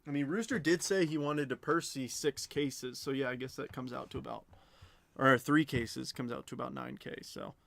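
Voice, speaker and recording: Gravelly guy running a live card break, chatty, calling out cards n bids. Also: mid-range voice, fairly even intonation, moderate pace, fairly bright tone, dry recording. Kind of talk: live stream auction chat.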